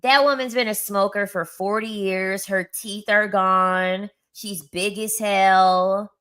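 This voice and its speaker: A woman in her thirties tells a story in casual chat, blunt and crude as she mocks people. Her voice is bright and forceful, at a middling pitch. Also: fairly even intonation, takes it slowly, smooth. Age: 30s. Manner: blunt, crude and mocking, with frequent laughs. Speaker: content creator.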